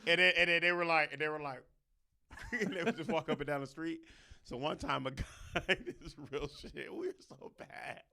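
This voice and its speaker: A man hosting a casual podcast chat, telling profane stories full of laughter and loud bursts. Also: on the high side, expressive, moderate pace, creaky. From Los Angeles. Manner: profane, laughing, loud when acting out his story. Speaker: podcast host.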